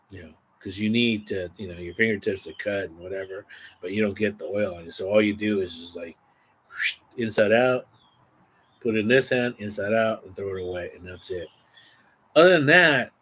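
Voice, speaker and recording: Casual male vlogger, lowish voice, rambling and animated storyteller. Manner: rambling, animated, exaggerating for effect.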